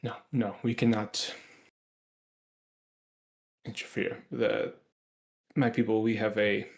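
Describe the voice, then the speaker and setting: A man voicing an older woman shopkeeper in a tabletop game who speaks haltingly and fearfully and turns to shrill screaming. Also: little pitch movement, darkish tone, exaggerated voice. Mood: hesitant, fearful.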